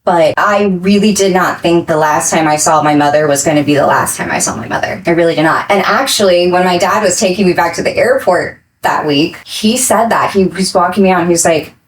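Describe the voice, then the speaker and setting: Young adult woman, podcast guest, slightly low voice, candid and earnest. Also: poor audio. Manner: earnest and reflective, quick bursts between slow phrases. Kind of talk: candid interview talk.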